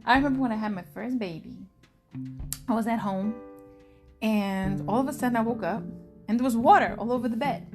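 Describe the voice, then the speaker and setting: A woman in her thirties chatting casually to camera as a vlogger, telling stories in an animated way and acting out the people she quotes. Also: fairly high pitch, fairly quick, long pauses. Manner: animated storytelling, acts out quoted friends. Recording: music playing behind her voice.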